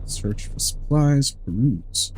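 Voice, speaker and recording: Animated man chatting through a game stream. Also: mid-range voice, takes it slowly, slight background noise. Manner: rambling and jokey, swears freely. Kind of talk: casual chat while streaming a game.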